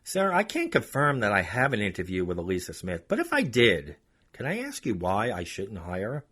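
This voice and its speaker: A man's voice: lowish voice, huge pitch swings, moderate pace, fairly bright tone, husky, heavily acted. A man voicing a guarded, formal woman clerk. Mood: guarded, polite. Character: polite cautious woman court clerk on the phone.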